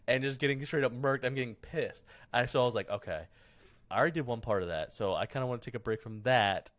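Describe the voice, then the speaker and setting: A man's voice: medium pitch, a bit bright, no echo. A young man co-hosting a casual podcast, laughing often and chiming in with agreement. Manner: laughing, quick back-channel agreement. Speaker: podcast co-host.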